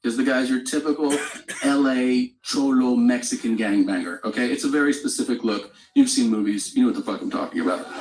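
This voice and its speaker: Guy doing standup, casual storytelling, crude jokes, sounds roomy on stage. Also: medium pitch. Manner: conversational storytelling with crude humor and acted-out quotes. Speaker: stand-up comedian. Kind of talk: stand-up comedy set. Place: comedy club stage.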